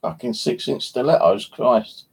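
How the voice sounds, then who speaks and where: An English man rambles through a casual live stream, joking crudely as he goes. His voice is gravelly and a touch husky, with a slight lisp from missing teeth. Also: mid-range voice, wildly swooping pitch, unhurried. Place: home.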